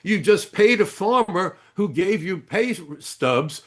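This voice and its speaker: A man's voice: high-pitched, moderate pace, voice pushed up, close to an everyday voice. A man acting out a scornful, boastful male immigrant taxi driver in a retold story. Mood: mocking. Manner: mocking, gleeful.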